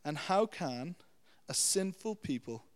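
A young adult man preaching a sermon, teaching with lively storytelling and checking in with "okay?" and "you know". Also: a little high, slow. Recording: long hall reverb.

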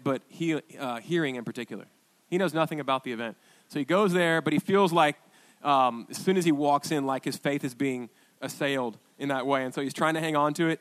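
A man's voice: on the high side, fairly bright tone. A man pastor preaching a sermon, telling a story with many restarts and asides, then building to emphatic repeated declarations.

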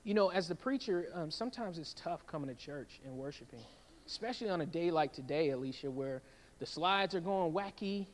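A man preaching a sermon in a church, in a lively conversational way that keeps checking in with a "right?". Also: a little high, fairly quick, in a large hall. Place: church sanctuary.

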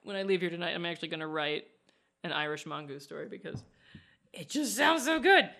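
A woman's voice: lowish voice, expressive, a little fast, creaky, pushed and bright. A woman co-hosting a podcast in a playful, casual way, steering the talk into the next segment. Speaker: podcast co-host. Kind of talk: casual chat.

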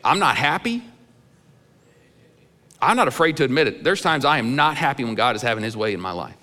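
A man's voice: mid-range voice, animated, a little fast, bright, forceful tone, in a large hall. A middle-aged male pastor preaching in a church sanctuary, telling candid personal stories in a conversational way with some humor. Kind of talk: sermon.

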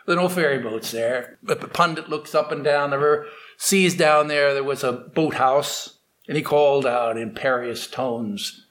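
A man telling a story aloud, unscripted, with restarts and slowed dramatic pacing. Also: mid-range voice, a bit bright. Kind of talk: oral storytelling.

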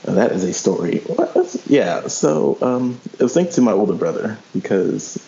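A man's voice: fairly low pitch, expressive, normal speed, gravelly, warm tone. A man guest-hosting a casual podcast, talking hesitantly with lots of restarts. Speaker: guest co-host. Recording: dull lo-fi sound.

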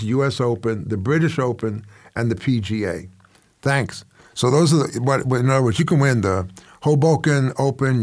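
An older man in his seventies hosting a commentary show, telling stories in a rambling, wry and self-mocking way. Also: on the low side. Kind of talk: casual storytelling commentary.

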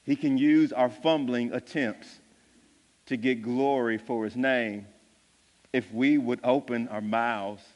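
A man preaching a sermon, with animated, emphatic delivery that builds to loud peaks. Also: mid-range voice, slow pace, dull audio. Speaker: pastor. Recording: long reverb of a large hall.

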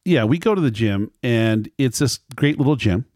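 Middle-aged dad rambling through a story, dry close sound, keeps restarting and acting out quotes. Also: male voice, medium pitch, expressive, normal speed, a little mellow, dry recording. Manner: rambling, self-correcting, acts out quoted lines. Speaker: father telling a family story. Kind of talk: casual conversational storytelling.

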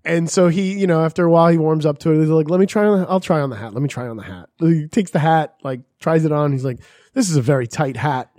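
A man's voice: fairly high pitch, quick pace, darkish tone, no echo, studio quality. A man telling a story in casual chat, swearing often and acting out the people he quotes.

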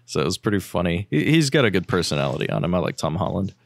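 A man's voice: deep voice, very animated, rapid-fire, gravelly. A man chatting casually, laughing often and swearing easily. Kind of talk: casual chat.

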